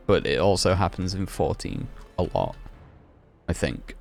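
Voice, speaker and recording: A man with a deep, low voice gives easygoing gameplay commentary, musing and second-guessing himself out loud. Soft music plays quietly underneath. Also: sing-song, a little slow, creaky. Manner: rambling, self-questioning, chatty. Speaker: gaming streamer.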